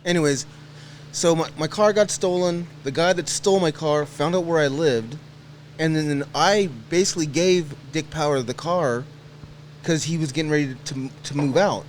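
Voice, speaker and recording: A man telling a story as a podcast guest, quick and repeating words as he goes. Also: a little high, a little hiss or hum. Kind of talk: casual storytelling.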